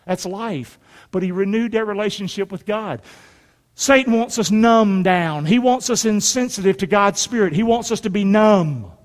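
Middle-aged preacher guy, folksy and emphatic sermon, kinda high voice, big echoey church sound. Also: moderate pace. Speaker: pastor. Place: church sanctuary. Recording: long hall reverb.

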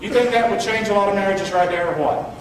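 A man preaching a sermon as pastor, animated, quoting scripture in dramatic voices and joking with the congregation. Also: sits high, quick pace, a little hiss or hum. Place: church sanctuary. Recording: echoey hall, mic at a distance.

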